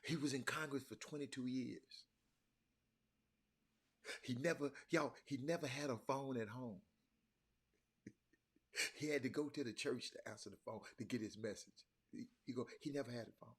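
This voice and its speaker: A man hosting a casual livestream talk from a hotel room. He is an animated storyteller who repeats and restarts words and keeps calling out to his viewers as y'all. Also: medium pitch, normal speed, pauses often, husky. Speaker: talk show host.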